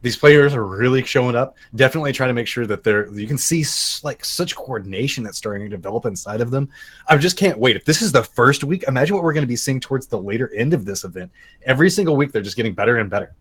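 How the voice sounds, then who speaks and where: A man's voice: medium pitch, expressive, fast, husky. A man casting an esports tournament in a casual, upbeat, hype-building way. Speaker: esports caster.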